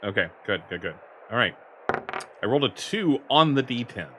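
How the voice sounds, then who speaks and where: A man's voice: mid-range voice, sing-song, moderate pace, background noise. A man playing a tabletop game, chatty and given to storytelling. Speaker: player. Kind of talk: tabletop role-play.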